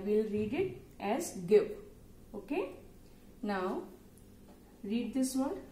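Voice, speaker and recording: Slow, patient woman teaching phonics. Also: high voice, dark tone. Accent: Indian English. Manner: slow, patient, spells words letter by letter. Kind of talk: phonics lesson for young children. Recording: echoey room, faint background noise.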